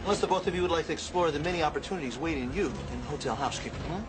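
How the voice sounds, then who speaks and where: A man's voice: fairly high pitch, rapid-fire, lightly acted. An actor playing a pushy man in a hurry in a TV drama. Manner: pushy, urgent. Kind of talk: TV drama acting.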